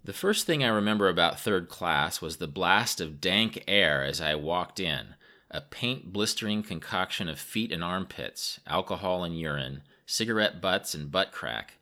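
A man's voice: sits low, lively intonation, normal speed, sharp tone. A man from the United States narrating a travel memoir in a wry, self-mocking way.

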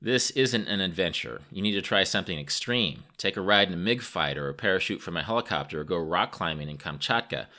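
A man's voice: low voice, animated, brisk, hardly any pauses, pushed and bright, heavily acted. A man voicing a confident, dismissive young Russian businessman who talks in a cocky, teasing way.

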